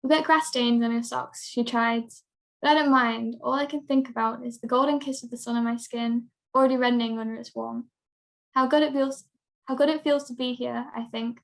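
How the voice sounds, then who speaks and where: A teenage girl reading her own prose piece aloud in a steady, measured way. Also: on the high side, vocal fry. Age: teens. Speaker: young writer.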